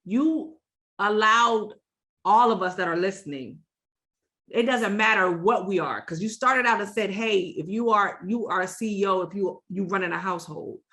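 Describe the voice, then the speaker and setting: A woman's voice: medium pitch, normal speed, bright, forceful tone. A woman hosting a podcast, talking with enthusiastic, affirming emphasis. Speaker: podcast host. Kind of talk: casual chat.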